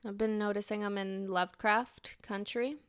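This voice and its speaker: A woman co-hosting a casual film podcast, telling stories in an animated way with lots of asides. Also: medium pitch, moderate pace, clear, resonant tone. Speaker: podcast co-host. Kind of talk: casual chat about films.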